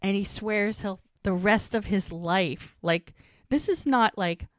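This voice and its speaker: A woman's voice: medium pitch, takes it slowly, no echo, studio quality. A woman co-hosting a casual podcast, retelling a TV scene and acting out each character's lines as she goes. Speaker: podcast co-host. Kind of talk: casual recap chat.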